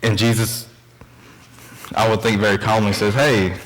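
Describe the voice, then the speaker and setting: A man's voice: fairly low pitch, monotone, normal speed, slight background noise, low-quality recording. A young man preaching a sermon in a church, mixing scripture reading with earnest, conversational storytelling asides.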